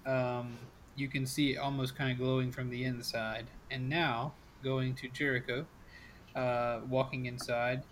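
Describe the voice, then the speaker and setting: A man narrating as game master in a casual, quick way with many fillers. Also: mid-range voice, level tone, a bit bright, a little hiss or hum.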